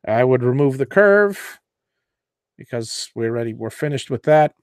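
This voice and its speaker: A man hosting a live CNC tutorial, walking viewers through design software while thinking aloud, with fillers and self-corrections. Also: mid-range voice, lively intonation, unhurried, smooth, no room sound, clean studio sound. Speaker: host of a CNC woodworking show.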